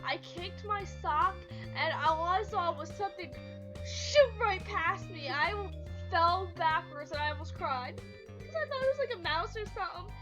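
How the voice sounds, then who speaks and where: A woman's voice: very high-pitched, expressive, normal speed, music in the background. A young woman vlogging casually from her bedroom, telling rambling stories with lots of giggles. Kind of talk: casual storytelling to camera. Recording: slightly dull lo-fi home recording.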